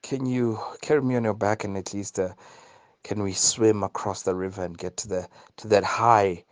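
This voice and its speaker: A man's voice: on the low side, steady tone, moderate pace, no echo, natural voice. A man voicing a pleading, treacherous scorpion. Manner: begging, then matter-of-fact.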